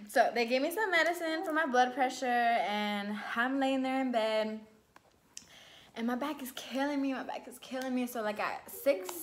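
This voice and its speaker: Woman vlogger, casual story to camera, lively and chatty, higher-pitched voice, jumps way up when quoting herself. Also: normal speed, slight background noise. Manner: lively, chatty, full of "like" and "you know"; acts out her own past lines with big jumps in pitch.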